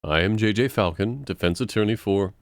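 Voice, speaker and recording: A man voicing a polite, measured male bird defense attorney. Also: lowish voice, lightly acted.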